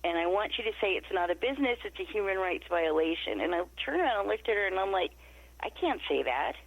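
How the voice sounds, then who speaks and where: A woman's voice: medium pitch, fast, vocal fry, no room sound. A middle-aged woman from Nevada, a podcast interview guest telling a story and acting out the quoted dialogue. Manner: animated, acts out quoted dialogue. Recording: muffled lo-fi remote audio.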